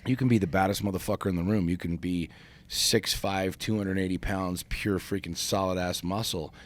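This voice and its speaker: Male podcast co-host, very low voice, emphatic and profane storyteller. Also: fairly even intonation, moderate pace. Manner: emphatic, profane, frequent restarts. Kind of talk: casual storytelling chat.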